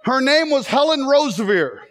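A man preaching in a chapel, joking and then growing emotional and loud. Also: very high-pitched, sing-song, moderate pace. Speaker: chapel speaker. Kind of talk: humorous sermon.

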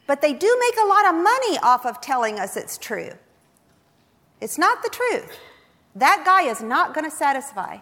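Woman speaker, high voice, humorous testimony sermon, self-mocking storyteller, big hall reverb. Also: sing-song, normal speed, a bit bright. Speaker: speaker at a Christian women's gathering. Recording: long reverb of a large hall.

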